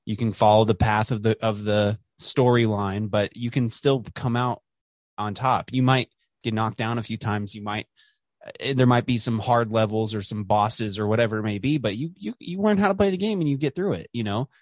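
A man's voice: lowish voice, moderate pace, dry recording. A man hosting a podcast, talking casually and rambling with many fillers and restarts, swearing now and then. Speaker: podcast host. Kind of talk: casual conversation.

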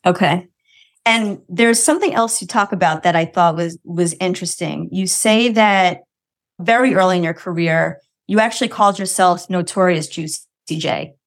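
A woman's voice: lowish voice, normal speed. A woman hosting an interview, asking careful, thoughtful questions with frequent restarts. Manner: thoughtful, hesitant, many restarts and "like". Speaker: podcast interview host.

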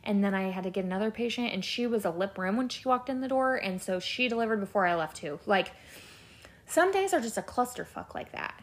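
A young adult woman talks through her week on her own podcast, rambling and candid. She fills her sentences with "like" and "you know", swears now and then, and sounds at an ordinary middle pitch for a woman. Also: a little fast. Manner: rambling, filler-heavy, candid and expressive, swears casually. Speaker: podcast host, labor and delivery nurse. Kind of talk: casual solo podcast chat.

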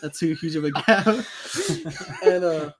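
A man's voice: on the high side, big pitch swings, slow, a crowd in the background. A young man co-hosting a podcast, telling stories in a loose, profane way, full of fillers and laughter. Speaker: podcast co-host. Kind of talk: casual chat.

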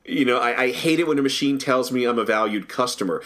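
A man co-hosting a podcast, talking in an enthusiastic, animated way and often repeating words as he starts a thought. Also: mid-range voice, quick pace, hardly any pauses. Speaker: podcast co-host. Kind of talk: casual discussion.

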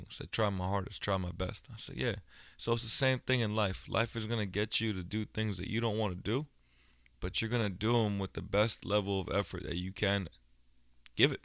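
A man's voice: lowish voice, creaky, fairly bright tone, no echo, studio quality. A man in his thirties talking casually on his own podcast, a blunt storyteller who swears freely. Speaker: podcast host. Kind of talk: casual solo podcast monologue.

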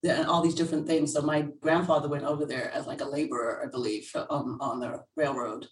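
A woman telling her own story as an interview guest, candid and animated, laughing often. Her voice sits on the lower side for a woman. The recording is roomy, and the mic sits at a distance from her. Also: fairly quick, a little hiss or hum. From England. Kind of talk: casual interview chat. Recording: roomy sound from away from the mic.

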